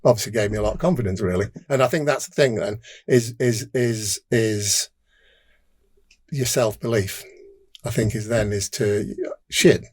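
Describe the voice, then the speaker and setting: An older Englishman with a Derbyshire accent and a lowish, slightly mellow voice speaks at a normal pace. A former motorbike racer appearing as a podcast guest, he recounts his career in casual interview storytelling, rambling, restarting sentences, and acting out dialogue.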